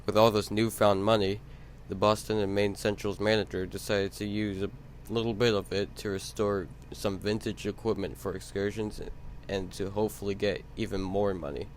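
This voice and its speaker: Low-voiced man narrating a story. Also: steady tone, moderate pace, a little hiss or hum.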